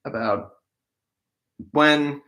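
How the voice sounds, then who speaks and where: A man's voice: fairly high pitch, drawn-out words, bright, forceful tone. A man who hosts a daily Bible-reading show, reading verses aloud and then explaining them conversationally while he thinks aloud, with restarts along the way. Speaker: Bible-in-a-year podcast host. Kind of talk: reading scripture aloud, then casual commentary.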